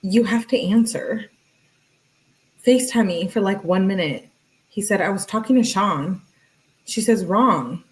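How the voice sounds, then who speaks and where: A woman's voice: mid-range voice, unhurried, pauses often, low-quality recording. Chatty woman reading out text messages. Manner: reads messages aloud and chats with live viewers. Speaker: true crime commentator.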